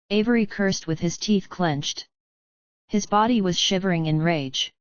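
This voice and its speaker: A woman narrating a fantasy audiobook in an even, unhurried reading. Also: mid-range voice, smooth, no room sound. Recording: dull, lo-fi, dry.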